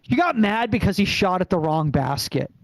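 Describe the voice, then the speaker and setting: A man doing a rambling stand-up set over a video call, pausing often with ums and uhs. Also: high-pitched, sing-song, creaky, no echo, low-quality recording. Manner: rambling, halting delivery with many fillers. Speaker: stand-up comedian.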